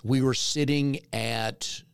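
A man's voice: medium pitch, steady tone, slow pace, smooth, no room sound, studio quality. A man from North Carolina hosting a casual interview, chatty and self-deprecating as he tells stories. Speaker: podcast host.

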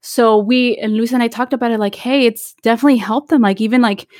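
A woman's voice: fairly high pitch, fairly even intonation, fast talker, darkish tone, no echo, studio quality. Chatty mother mixing in Spanish. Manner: mixes Spanish into English. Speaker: podcast co-host; mother of twin daughters. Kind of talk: casual chat.

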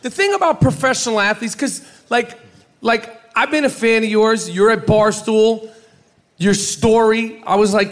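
Podcast host guy, really high voice, chill and slangy. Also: normal speed, a bit bright. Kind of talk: casual chat.

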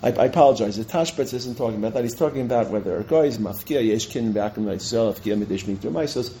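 Fast-talking rabbi lecturing on Talmud. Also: male voice, mid-range voice, warm tone, slight background noise, rough recording. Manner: fast, digressive, self-correcting, reads Hebrew and Aramaic sources aloud. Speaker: rabbi teaching a Talmud class. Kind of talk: lecture with questions from students.

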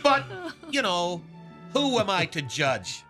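A male radio host roasting someone in a theatrical, snarky tone, chuckling as he goes. His voice sits high and his pace is slow and deliberate, with a clear music bed running under him. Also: wildly swooping pitch, sharp tone. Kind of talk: mock-dramatic roast.

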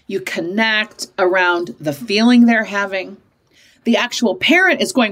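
A woman in her fifties telling parenting stories in an interview, emphatic and animated, often switching into higher voices to act out quoted parents and kids. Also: a little slow. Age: 50s. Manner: emphatic, punctuates points with "okay?". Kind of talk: conversational storytelling in an interview.

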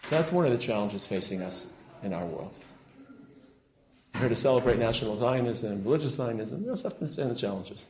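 A man lecturing to a congregation as a rabbi, passionate and emphatic, sprinkling Hebrew terms and rising to loud peaks. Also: medium pitch, very animated, a little fast. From Israel. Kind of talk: sermon-style lecture. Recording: roomy hall echo.

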